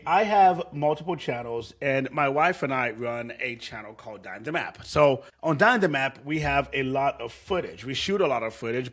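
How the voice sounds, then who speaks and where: A man in an easygoing tutorial voice, mid-pitched and conversational. He explains steps in a loose, rambling way, often backing up to rephrase. It sounds like a laid-back lesson given while sharing his screen. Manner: loose and conversational, with frequent fillers and restarts. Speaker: tutorial host. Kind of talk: casual screen-share tutorial.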